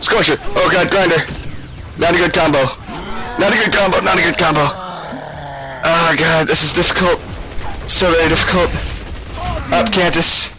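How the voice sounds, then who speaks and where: A young man giving frantic live gameplay commentary, swearing and yelling at the game. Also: a little high, steady tone, moderate pace, long pauses, rough recording. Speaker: gamer.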